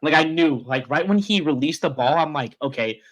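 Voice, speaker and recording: A young man co-hosting a casual sports podcast, telling a story with excitement and quoting himself and his friend. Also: on the high side, normal speed. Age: young adult. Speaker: podcast co-host.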